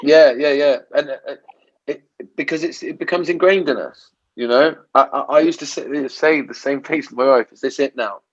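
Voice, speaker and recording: A man's voice: fairly high pitch, steady tone, normal speed. Reflective male podcast host, slightly dull audio. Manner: reflective, many restarts and tag questions. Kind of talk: casual interview chat.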